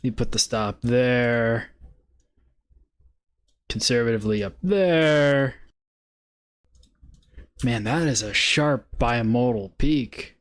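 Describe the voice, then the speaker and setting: Brief: male stream host, unhurried, mid-pitched, casual market chatter. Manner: laid-back, muttering, bursts of swearing laughter.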